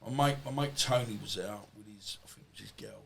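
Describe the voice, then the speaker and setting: A man's voice: fairly low pitch, fast talker, vocal fry, a bit bright, a little hiss or hum. A man, a podcast guest, telling stories in a rambling, colloquial way and swearing freely. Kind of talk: casual storytelling interview.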